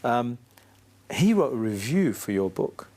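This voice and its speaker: Woman host asking questions, super low voice, lots of little yeahs and wows. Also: very animated, unhurried, dark tone. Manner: encouraging, frequent short affirmations. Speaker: podcast host. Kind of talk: interview questions.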